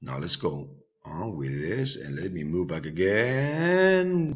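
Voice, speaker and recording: A man's voice: low-pitched, sing-song, slow pace. A male English teacher with a Spanish accent giving a patient online lesson for children, with many fillers and repeated words. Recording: dull lo-fi recording.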